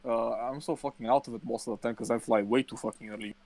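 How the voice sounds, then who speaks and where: A man's voice: medium pitch, steady tone, quick pace, vocal fry, darkish tone, a little hiss or hum. Foul-mouthed young man telling stories. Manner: swears constantly, emphatic storytelling. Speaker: podcast co-host. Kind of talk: casual chat.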